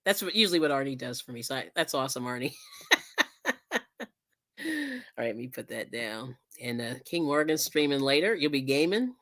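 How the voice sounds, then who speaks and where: A woman's voice: extremely low pitch, expressive, brisk, pauses often, a bit bright. A woman hosting a casual live stream, chatting, laughing often and thanking viewers as she crafts. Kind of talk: casual chat while crafting.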